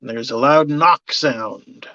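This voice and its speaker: Slow, hesitant game master, dull dry sound. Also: medium pitch, a bit bright, dry recording. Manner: hesitant, many "um"s and "uh"s. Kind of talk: narrating a tabletop game.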